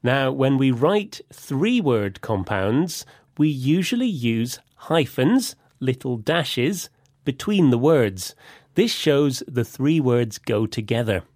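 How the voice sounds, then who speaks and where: A man co-hosting a radio lesson, explaining vocabulary slowly and clearly. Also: mid-range voice, very animated, a little mellow, no echo, clean studio sound. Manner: slow, clear, deliberate explanations. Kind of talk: scripted teaching presentation.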